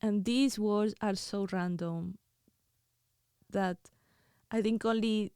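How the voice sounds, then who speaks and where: A woman tells a personal story in a soft, halting manner, often stumbling over and repeating words. Her voice is mellow and warm. The recording is dry, with no room echo. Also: mid-range voice, fairly even intonation, clean tone. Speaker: podcast host.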